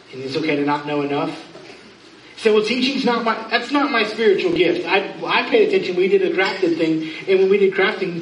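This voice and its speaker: A man in his thirties preaching a sermon as pastor, talking in a conversational, emphatic way with quick asides. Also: a little high, slight background noise. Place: church sanctuary. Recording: roomy church sound, distant mic.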